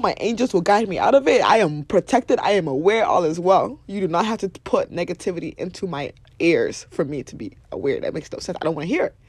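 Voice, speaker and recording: Young woman podcast host, husky voice, dry close sound, blunt and animated, swears a lot. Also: lowish voice, dry recording. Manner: blunt and animated, swears freely, laughs often. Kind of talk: casual motivational talk.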